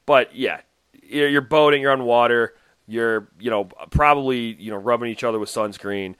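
Podcast host, male, chatty and loose, smooth voice, dry close mic. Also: mid-range voice, moderate pace, a bit bright, no room sound. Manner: chatty, rambling, laughs often, restarts a lot. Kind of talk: casual chat recapping a reality dating show.

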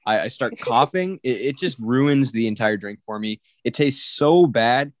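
A man's voice: mid-range voice, a little slow, dry recording. A young man from California, co-hosting a podcast and ranting bluntly and emphatically in casual chat. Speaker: podcast co-host.

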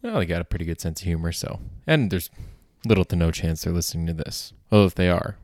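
A man with a very low voice hosting a comedy podcast alone. He rambles loosely, piling up filler words and restarts. The recording is dry and close. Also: fast talker, darkish tone, no room sound. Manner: rambling, heavy on filler words and self-corrections. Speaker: podcast host.

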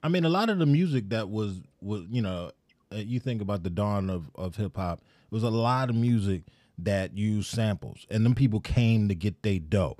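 A man hosting a podcast in relaxed, rambling casual chat, often laughing mid-sentence. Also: lowish voice, normal speed, no echo. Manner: laid-back, rambling, laughs while talking. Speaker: podcast host.

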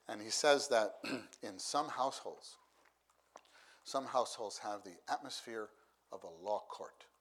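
Man, middle-aged, preacher, sermon, low voice, slow, repeats phrases for emphasis. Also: husky.

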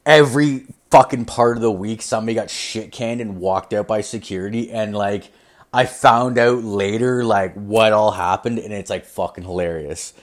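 A man's voice: on the low side, normal speed. A young man telling a rambling, profane story in casual chat, filling his talk with "like". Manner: rambling, profane, heavy "like" filler.

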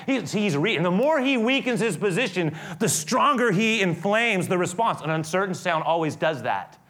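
A man preaching a sermon, retelling a scripture story dramatically, shifting from loud to hushed. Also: sits high, lively intonation, brisk, hardly any pauses.

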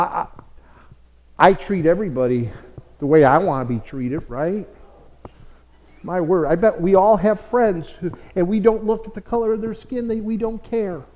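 A man's voice: fairly high pitch, darkish tone, long reverb tail. A middle-aged man from the United States preaching a conversational sermon in a folksy, storytelling way, often repeating words as he builds a point. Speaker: pastor.

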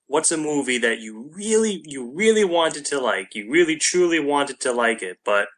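A man's voice: a little high, lively intonation, moderate pace, a bit bright. A man in a casual movie chat, laid-back and dryly sarcastic.

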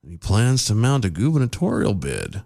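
Guy cohosting a news banter show, snarky and jokey, pitch jumps all over. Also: huge pitch swings, normal speed, creaky, darkish tone. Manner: sarcastic, joking, reads news quotes aloud. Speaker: podcast co-host.

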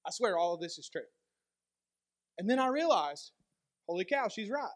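A male pastor giving a sermon, telling a personal story in a conversational, animated way. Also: high-pitched, moderate pace. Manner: conversational storytelling with lively dynamic swings.

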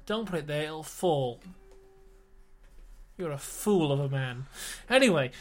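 A man's voice: on the high side, expressive, a little slow. A man co-hosting a casual wrestling podcast, recapping matches bluntly and joking with his co-host. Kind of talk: casual chat.

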